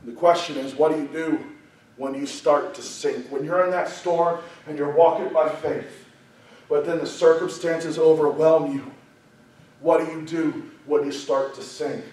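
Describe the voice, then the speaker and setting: A man's voice: fairly high pitch, fairly even intonation, measured pace. Guy preaching a sermon, big emphatic build-ups, voice bouncing all over a super echoey church. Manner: emphatic, building to loud passionate peaks. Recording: very echoey room, voice far from the mic.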